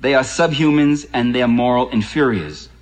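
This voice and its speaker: A man's voice: mid-range voice, normal speed, poor audio. A man giving a public lecture in an impassioned, ironic way, building emphasis on key points.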